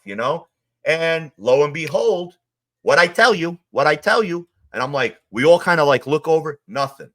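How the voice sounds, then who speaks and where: A man from Queens, telling stories in a casual interview, animated and acting out the quotes of others. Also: a little high, normal speed. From Queens, New York. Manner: animated, acts out quotes, swears. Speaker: guest, former mob associate.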